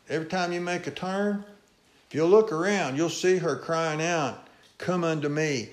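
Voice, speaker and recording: A male pastor preaching a folksy sermon, swinging between loud calls and low asides. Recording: echoey church room.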